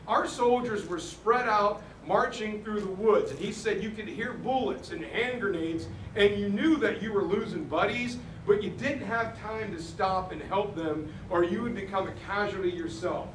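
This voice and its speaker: Man, fairly high voice, earnest history storyteller, recorded in a roomy space from a distant mic. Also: moderate pace, few pauses, slight background noise. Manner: earnest retelling that acts out quoted soldiers. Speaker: speaker on history.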